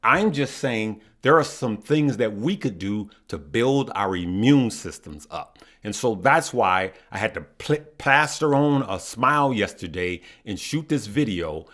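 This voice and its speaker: Host type: low-pitched man, earnest and passionate, casual straight-to-camera talk. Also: expressive, unhurried, few pauses, a bit bright. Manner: earnest, passionate, repeats himself and adds "okay?". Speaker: stock market YouTuber.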